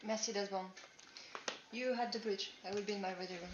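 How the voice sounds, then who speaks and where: A woman voicing a calm, formal starship captain giving a measured log entry in a sci-fi parody. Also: medium pitch, close to an everyday voice. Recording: dull lo-fi sound with faint noise.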